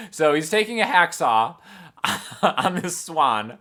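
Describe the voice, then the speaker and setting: Lively, bright-voiced man telling a story. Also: fairly high pitch, takes it slowly. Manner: animated, chuckles through the story. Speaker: guitar channel host. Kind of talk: casual storytelling.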